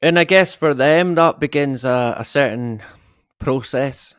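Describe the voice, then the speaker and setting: A man's voice: mid-range voice, measured pace, fairly bright tone, clean tone, no echo, clean studio sound. A middle-aged man hosting a casual live stream, rambling and swearing with the odd chuckle. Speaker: livestream host.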